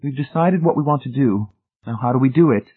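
A man voicing a tense, sharp-tongued young married woman who speaks in an objecting way. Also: medium pitch, fairly quick, husky, voice pushed up, natural voice. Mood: firm. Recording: tinny phone-like sound.

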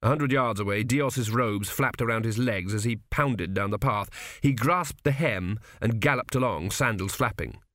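A man's voice: lowish voice, moderate pace, a bit bright, no room sound. A man narrating an audiobook in a dry, wry storytelling manner.

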